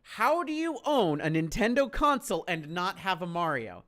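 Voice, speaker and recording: A man's voice: high-pitched, sing-song, normal speed, sharp tone. Exasperated, profane streamer man. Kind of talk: casual stream storytelling.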